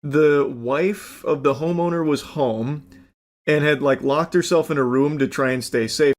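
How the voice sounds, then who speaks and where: A man's voice: a little high, a little slow. A young man streaming, casually commenting on a clip, rambling with fillers and casual swearing.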